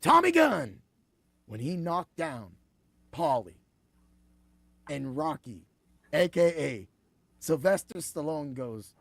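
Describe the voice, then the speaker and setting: A man hosting a casual sports betting podcast, talking in an excitable, rambling way, swearing and laughing freely. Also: fairly high pitch, slow pace, creaky, long pauses, no room sound. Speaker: podcast host.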